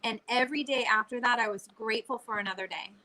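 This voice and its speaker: A young adult woman talks in a casual chat with a bright voice. She is earnest and reflective as she tells her story. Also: fairly high pitch, quick pace, poor audio.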